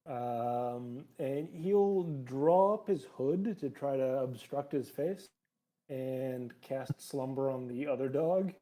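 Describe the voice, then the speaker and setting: A man playing a tabletop game, describing his character's actions in a relaxed, hesitant way. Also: medium pitch, slow, low-quality recording. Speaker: player. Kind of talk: casual tabletop play.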